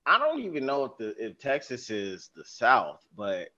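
A man from California, a podcast guest, talking in a playful, animated and sarcastic way in casual chat. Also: medium pitch, normal speed, dull audio, noisy background.

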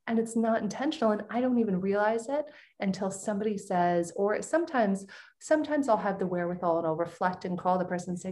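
A middle-aged woman appears as a podcast guest, recounting something from her own life in an animated way and laughing often. She speaks at a medium pitch.

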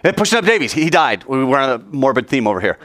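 A man teaching a live group, lively and joking, acting out quoted lines as he explains. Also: medium pitch, rapid-fire. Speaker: Bible teacher.

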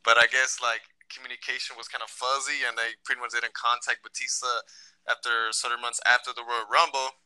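Laid-back male co-host, casual and profane, very bright tone, dry close sound. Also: medium pitch, level tone, brisk, clear, resonant tone, no echo, low-quality recording. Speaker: podcast co-host. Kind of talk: casual chat.

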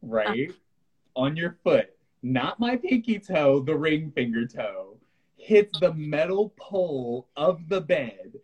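A man's voice: fairly high pitch, slow pace, breathy edge, low-quality recording. A man co-hosting a podcast, chatting casually about spirituality and acting out his own reactions as he tells stories. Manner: animated storyteller who acts out his own reactions. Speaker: podcast co-host.

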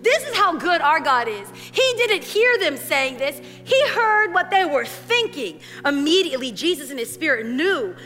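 A woman preaching a sermon in a church, animated and acting out voices as she tells the story. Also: high voice, moderate pace, hardly any pauses. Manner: animated, acts out voices in quotes. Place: church sanctuary. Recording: long hall reverb. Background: soft worship music.

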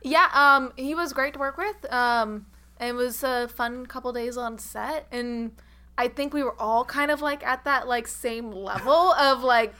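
A woman's voice: a little high, a little slow, sharp tone. A woman guest on an interview podcast, talking casually with many fillers and easy laughs. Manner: chatty, filler-heavy, laughs easily. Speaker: actress guest.

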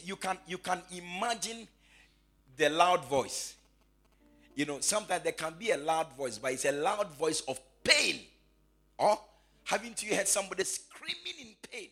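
A man preaching a sermon who repeats his phrases and swings from quiet asides to shouted, sing-song proclamation. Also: a little high.

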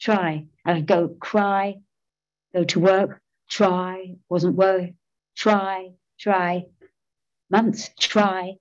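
A woman's voice: fairly low pitch, level tone, extremely slow, dull audio. A middle-aged woman giving a personal recovery testimony, candid and self-mocking, laughing often as she talks. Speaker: speaker sharing recovery story.

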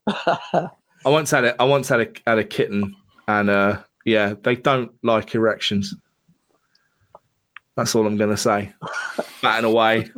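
A man's voice: lowish voice, measured pace, pauses often, fairly bright tone. A man co-hosting a casual film podcast, swearing freely and acting out scenes in silly voices. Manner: sweary, jokey, acts out bits in silly voices. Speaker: podcast co-host. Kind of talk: casual film review chat.

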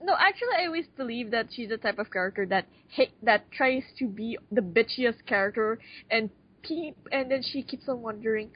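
Young woman, blunt and profane, fairly high voice, dull lo-fi recording. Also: animated, fairly quick, breathy edge. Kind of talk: casual chat. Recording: dull lo-fi sound.

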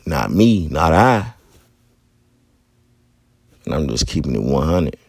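A man's voice: extremely low pitch, very animated, takes it slowly, gravelly, darkish tone, husky, dry recording. A man in his thirties hosting a podcast, telling his own story in blunt, profane street talk. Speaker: podcast host. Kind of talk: candid personal monologue.

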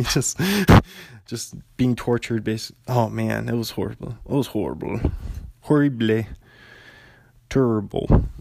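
A man's voice: medium pitch, creaky, no room sound. A young adult man hosting a podcast alone, telling rambling stories in an easygoing way with frequent chuckles. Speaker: podcast host. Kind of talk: casual solo monologue.

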